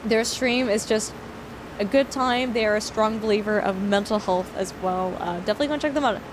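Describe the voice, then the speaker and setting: A young woman from Canada, a streamer chatting casually with viewers while playing a farming game, self-deprecating and quick to thank people. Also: mid-range voice, background noise. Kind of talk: casual livestream chat while gaming.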